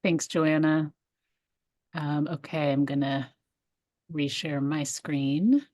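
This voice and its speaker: Woman, meeting facilitator, casual, procedural, low voice, dry sound. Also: slow pace, darkish tone, no room sound. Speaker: session facilitator.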